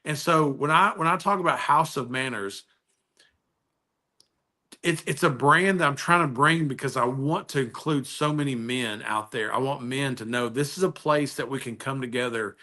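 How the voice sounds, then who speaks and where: A man chatting informally over a live video call tells his stories with gusto, repeatedly starting sentences again. His mid-range voice is bright and forceful, delivered at a moderate pace.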